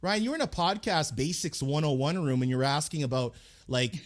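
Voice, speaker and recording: An energetic male podcast host who talks emphatically and often says things twice. His voice sits a little higher than most men's. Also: fairly quick. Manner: energetic, emphatic, repeats himself. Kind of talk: podcast interview.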